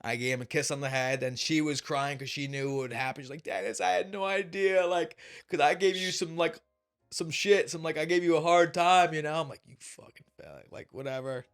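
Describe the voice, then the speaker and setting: A man's voice: on the high side, a little fast, clean tone, faint music behind. Swearing young man telling a story. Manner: animated, swears often. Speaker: podcast guest. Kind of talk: casual storytelling.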